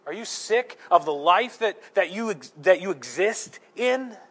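A middle-aged male pastor preaching a sermon, animated, telling stories and asking the congregation rhetorical questions. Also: high-pitched, unhurried. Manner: animated storytelling with acted-out quotes and rhetorical questions.

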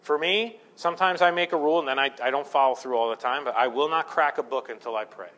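A man's voice: medium pitch, fast talker, fairly bright tone. A man preaching a sermon as pastor, conversational and self-deprecating, building to fervent emphasis.

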